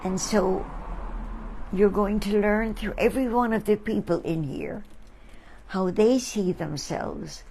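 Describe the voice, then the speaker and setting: A woman hosting a talk, telling reflective stories about friends to an audience in a slow, thoughtful way. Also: mid-range voice, dark tone, slight background noise, rough recording. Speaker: artist and host.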